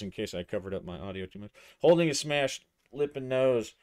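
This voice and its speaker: A man's voice: on the low side, normal speed, hardly any pauses, a little mellow, clean tone. A man narrating a solo tabletop game, thinking aloud as he describes the action and his dice rolls.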